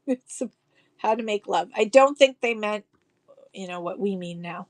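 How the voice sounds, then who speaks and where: A woman's voice: medium pitch, measured pace, long pauses. A woman selling vintage postcards on a live stream, gushing over each card and reading verses aloud in a chatty way. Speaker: live online auction seller.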